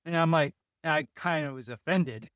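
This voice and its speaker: A man's voice: fairly high pitch, moderate pace, a bit bright, clean tone, no room sound. A man, a builder guest in an interview, telling a story casually with many restarts and short laughs. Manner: rambling, restarts often, laughs between phrases.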